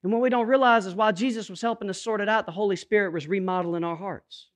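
A man with a notably high voice delivers a sermon. He drops to near-hushed tones, then builds to emphatic, rhythmic repetition aimed at his congregation. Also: quick pace. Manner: dynamic preaching, swings from hushed to emphatic. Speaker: pastor.

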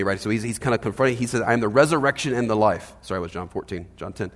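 A man preaching a sermon as pastor, conversational and animated, often checking in with "right?". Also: mid-range voice, quick pace, few pauses, long reverb tail. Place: church hall.

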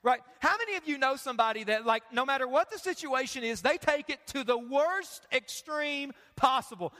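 A male pastor preaching a sermon, animated and humorous, swinging between loud bursts and hushed lines. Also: very high voice, normal speed, hardly any pauses. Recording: long hall reverb.

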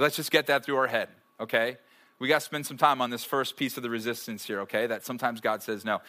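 A man's voice: medium pitch, sharp tone. A man in his thirties, a pastor preaching to a live church audience in a conversational way, with frequent rhetorical checks and joking asides. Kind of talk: sermon.

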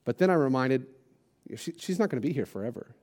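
A man's voice: mid-range voice, lively intonation, fast talker, darkish tone. A man preaching a sermon as a pastor, casual and conversational, with self-deprecating jokes and lots of "like" and "you know".

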